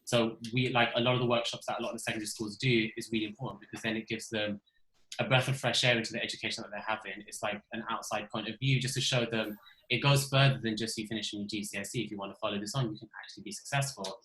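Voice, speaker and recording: Speaking quickly in a lowish, steady voice with a pushed, bright edge, a young Londoner from the Isle of Dogs chats casually and fills his speech with fillers. He's an ethical designer guesting on a webinar panel over video call, and the recording sounds roomy and poor.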